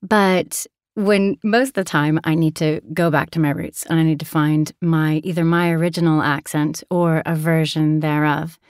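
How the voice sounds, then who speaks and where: An audiobook narrator from Alaska, USA, chats in an interview, laughing easily as she tells stories. Her American accent carries a transatlantic tinge, and her deep, clear, resonant voice is slightly mellow and flat in delivery, at a moderate pace with few pauses. The recording is dry and studio quality.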